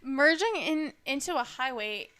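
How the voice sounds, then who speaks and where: A woman's voice: high-pitched, animated, a little slow, sharp tone. A young woman co-hosting a casual podcast, telling rambling anecdotes full of "like". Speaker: podcast co-host. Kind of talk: casual chat, storytelling.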